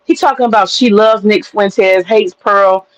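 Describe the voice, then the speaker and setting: A woman hosting a livestream, telling stories in an animated, profane way and chatting with her viewers. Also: medium pitch, a little slow, rough recording. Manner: animated, profane storytelling with laughter. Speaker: livestream host. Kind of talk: casual livestream commentary.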